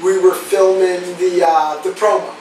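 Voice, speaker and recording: Loud New guy, animated storyteller, a bit off the mic in a very echoey room. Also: high-pitched, normal speed, recorded from a distance. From New Jersey. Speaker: podcast guest. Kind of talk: casual storytelling chat. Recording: roomy echo, off-mic, faint noise.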